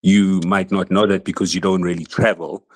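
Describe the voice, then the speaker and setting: A man's voice: deep voice, flat delivery, normal speed, a little mellow, no echo. A man calling in to a talk show, arguing in an accusatory, needling way. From South Africa. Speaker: caller. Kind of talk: heated call-in argument.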